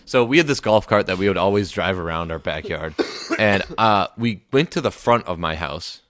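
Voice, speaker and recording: A man's voice: low-pitched, lively intonation, normal speed, fairly bright tone. A young man hosting a podcast, telling stories in casual chat and laughing often. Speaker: podcast host.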